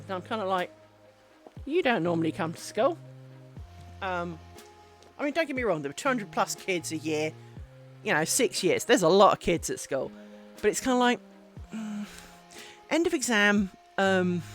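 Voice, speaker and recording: A woman talks casually on her home crafting livestream, drifting from one anecdote to the next with plenty of ums and restarts. Her pitch swoops up and down as she tells the story. Faint music plays quietly behind her. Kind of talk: casual chat while crafting. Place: home craft stream setup.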